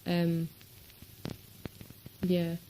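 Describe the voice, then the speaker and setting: A woman's voice: lowish voice, completely flat delivery, extremely slow, dark tone, a little hiss or hum, rough recording. A woman from Manchester with a Manchester accent, chatting casually in a rambling vlog with lots of ums. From Manchester, England. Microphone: webcam.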